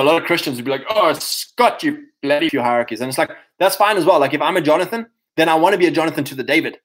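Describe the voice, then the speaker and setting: A man hosting a casual livestream, talking to his viewers in an energetic, preachy way. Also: fairly high pitch, poor audio. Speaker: host.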